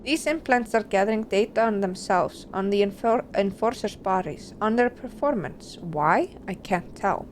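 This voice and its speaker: A woman's voice: mid-range voice, lively intonation, moderate pace, hardly any pauses, slight background noise, close to an everyday voice. Woman reading out a worried gang doctor.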